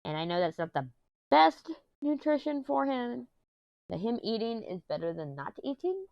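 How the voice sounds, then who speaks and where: A woman's voice: a little high, very animated, moderate pace, vocal fry, dry recording, lo-fi sound. A woman vlogging from her home office, talking in a rambling, chatty way while getting over an illness that has left her throat sore. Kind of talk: casual chat.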